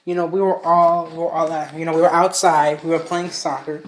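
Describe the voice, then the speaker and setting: A man's voice: on the high side, flat delivery, a little fast, slight background noise. A young man from Mexico telling a casual storytime tale, rambling with constant fillers and heavy swearing. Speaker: vlogger.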